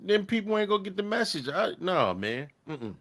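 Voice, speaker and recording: A man's voice: sits high, big pitch swings, moderate pace, a bit bright. A man hosting a podcast, talking casually and animatedly, often restarting sentences and leaning on "man". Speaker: podcast host. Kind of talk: casual chat.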